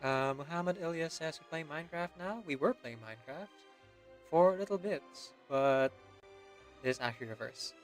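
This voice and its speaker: A man's voice: on the high side, moderate pace, soft background music. A man hosting a live stream, talking casually and laughing often with his co-host. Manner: relaxed, chatty, laughs often.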